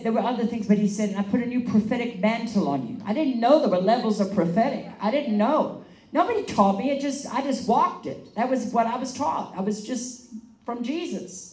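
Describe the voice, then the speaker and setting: A woman evangelist telling a story in a sermon, animated and laughing as she acts out the quotes. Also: mid-range voice. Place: meeting hall. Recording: echoey room, mic at a distance.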